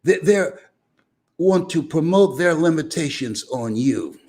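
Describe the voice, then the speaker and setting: A man's voice: on the high side, animated, a little slow, darkish tone. An older man giving a live motivational speech, emphatic and preacher-like, repeating phrases and breaking into hearty laughs. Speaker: motivational speaker.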